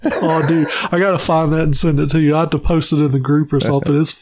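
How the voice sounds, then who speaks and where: Fairly high-voiced man telling stories. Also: quick pace, dry recording. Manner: animated storyteller, swears freely. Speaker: podcast co-host. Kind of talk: casual chat.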